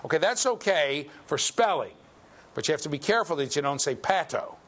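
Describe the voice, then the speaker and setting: A man giving a university lecture, lively and joking as he quizzes his students. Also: fairly high pitch, fairly quick. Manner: lively, jokey, quizzes the class. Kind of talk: classroom lecture. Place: lecture hall.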